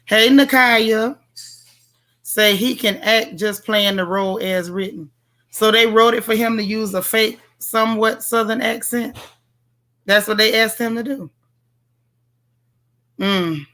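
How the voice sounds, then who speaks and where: A woman's voice: fairly high pitch, fairly even intonation, measured pace, long pauses, pushed and bright. A woman hosting a casual livestream, reviewing a TV show in a sassy, playful way and talking straight to her viewers. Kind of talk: casual livestream chat, reading viewer comments.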